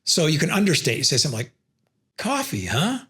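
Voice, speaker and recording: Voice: medium pitch, lively intonation, racing, bright, forceful tone. A presenter explaining communication theory, who acts out sample refusals between the explanations. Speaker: educational video presenter.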